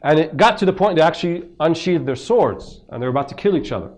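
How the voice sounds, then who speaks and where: A man with a fairly high, darkish, expressive voice talks fast as he teaches a seminar audience in a mosque. The religious teacher keeps it conversational, often asking rhetorical questions and acting out the speech he quotes.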